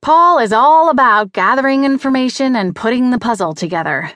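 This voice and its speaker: A woman's voice: fairly high pitch, animated, fairly quick, fairly bright tone, no echo, clean studio sound. A woman reading a mystery audiobook in first person, with a wry, conversational delivery. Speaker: audiobook narrator. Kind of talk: first-person scripted narration.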